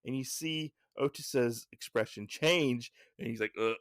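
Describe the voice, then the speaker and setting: A man's voice: medium pitch, a little slow, fairly bright tone, no room sound, studio quality. A man hosting a podcast, recapping a comic in a casual, rambling way with fillers and self-corrections. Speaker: podcast host.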